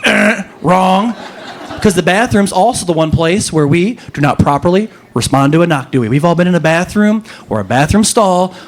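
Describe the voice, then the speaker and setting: High-voiced animated male stand-up comic. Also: brisk, few pauses. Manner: animated storytelling, jumps to high pitch for punchlines. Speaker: stand-up comedian. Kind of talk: stand-up comedy set.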